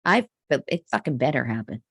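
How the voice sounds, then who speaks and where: A woman co-hosting a podcast in casual chat, animated and rambling, often breaking into laughter. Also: very deep voice, moderate pace, vocal fry, husky, dry recording, studio quality. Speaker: podcast co-host.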